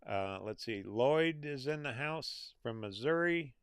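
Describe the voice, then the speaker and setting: A folksy American man in middle age hosts a relaxed live stream, greeting viewers by name. He talks slowly and unhurriedly at a medium pitch. The sound is dry and close, with no room around it. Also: clear, resonant tone, no room sound. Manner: easygoing, folksy, reads out viewer names and greetings. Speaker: livestream host reading viewer comments. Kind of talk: casual live chat.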